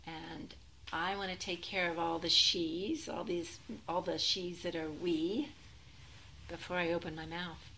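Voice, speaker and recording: Woman giving a zen dharma talk, kinda low voice, reflective and self-deprecating, bit of faint noise. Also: little pitch movement, unhurried, bright, forceful tone, poor audio. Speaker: Zen teacher.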